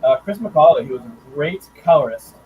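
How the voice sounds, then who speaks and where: A man who writes and draws comics, talking about his work in a casual interview, thoughtful and halting with fillers and restarts. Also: a little high, animated, phone-quality sound, a little hiss or hum. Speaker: comics writer and artist guest.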